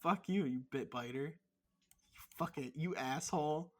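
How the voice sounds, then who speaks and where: A man's voice: a little high, normal speed. A man co-hosting a podcast over a remote call, teasing his co-host in crude, mock-angry casual chat full of swearing.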